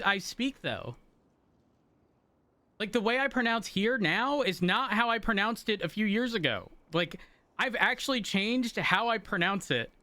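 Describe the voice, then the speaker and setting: A man chats casually with his viewers while he plays, talking in a bright, somewhat high voice. He rambles and restarts his explanations as he goes, speaking into a desk mic. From rural area, then a city. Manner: rambling, self-interrupting explanations. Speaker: streamer.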